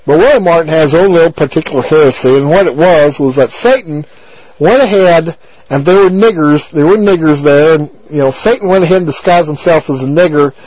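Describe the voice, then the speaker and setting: A man's voice: fairly high pitch, brisk, a little mellow. A man hosting a talk radio show, rambling on in a crude, abrasive monologue full of repeated filler phrases. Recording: dull lo-fi radio broadcast.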